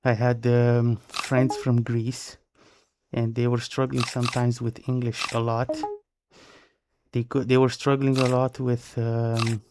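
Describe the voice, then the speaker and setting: Over noisy, click-filled stream audio, a Romanian-accented man from Romania jokes around with his viewers while live streaming games, punning and repeating himself. He speaks slowly at a medium pitch with an entirely flat delivery.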